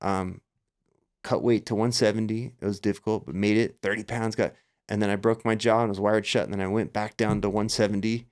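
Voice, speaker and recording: Animated middle-aged man telling a story. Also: fairly low pitch, a little fast. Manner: animated storyteller acting out his own past thoughts. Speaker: podcast guest. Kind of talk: casual storytelling interview. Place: Las Vegas area.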